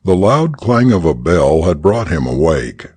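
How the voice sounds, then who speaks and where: A man narrating a story for English learners in an expressive, deliberate reading. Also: sits low, husky, dry recording.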